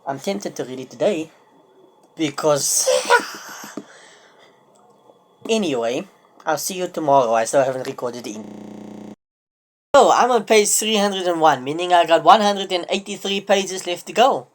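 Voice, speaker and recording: A woman talking casually to camera in a reading vlog, her voice sitting a little low. She sounds tired and slightly under the weather, and she thinks aloud as she tallies up pages. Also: animated, normal speed. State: tired and a bit sick. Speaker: book vlogger.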